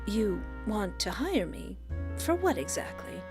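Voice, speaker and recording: A woman playing a flirtatious vampire detective who answers in a blunt, dry, sardonic way. The voice has an ordinary pitch, with game music running underneath as a visual novel is read aloud. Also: big pitch swings, a little slow. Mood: dry, wry.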